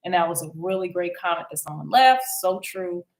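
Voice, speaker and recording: A woman talking casually to her viewers in a slightly low voice, wandering through her points with frequent ums and false starts. The sound carries a noticeable room echo. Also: animated, fairly quick. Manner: rambling, many ums and restarts. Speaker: YouTube commentary host. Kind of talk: casual vlog commentary. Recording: echoey room.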